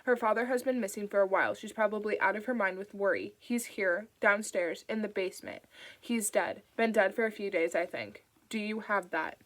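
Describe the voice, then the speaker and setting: A hard-edged woman on the run, talking fast and forcefully, as a woman narrator reads her lines. Her words come clipped and urgent. It is an audiobook performance. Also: mid-range voice, close to an everyday voice.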